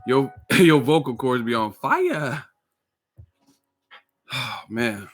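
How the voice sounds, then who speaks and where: A man hosting a boxing live stream, hyped and slangy, rattling off quick shout-outs in casual chat. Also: medium pitch, animated, slightly rough, soft background music. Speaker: boxing channel host.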